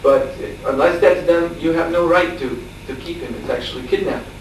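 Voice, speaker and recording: Male spiritual teacher, lively storyteller, captured from a distance in a very echoey room with faint noise behind. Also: fairly high pitch, normal speed. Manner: animated storyteller, laughing, acting out shouts. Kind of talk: storytelling lecture.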